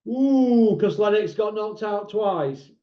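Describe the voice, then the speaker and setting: Blunt South Yorkshire man, fairly high voice. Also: expressive, dull audio. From South Yorkshire, England. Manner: blunt, opinionated, quick quizzing. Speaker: podcast host. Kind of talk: casual chat.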